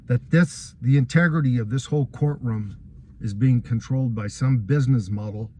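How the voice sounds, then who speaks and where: An aggrieved man tells his own story straight to the listener, walking through each event in turn. His voice sits at an ordinary middle pitch, and he keeps an earnest, wronged tone throughout the account. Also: moderate pace, warm tone, slight background noise. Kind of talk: first-person account of a court case.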